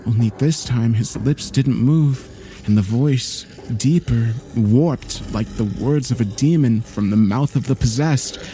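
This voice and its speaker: A man narrating a horror story in a slow, grave storytelling manner. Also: mid-range voice, mellow, slight background noise.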